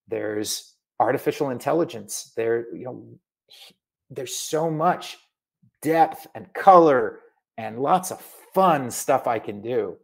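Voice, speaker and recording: A middle-aged man from Massachusetts, an author chatting in an interview, animated and full of asides. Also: medium pitch, vocal fry. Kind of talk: casual video interview.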